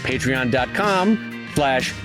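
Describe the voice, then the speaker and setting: A man co-hosting a casual podcast, animated and self-mocking. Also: medium pitch, slow pace, loud music behind the voice. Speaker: podcast co-host. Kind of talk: casual comedy podcast chat.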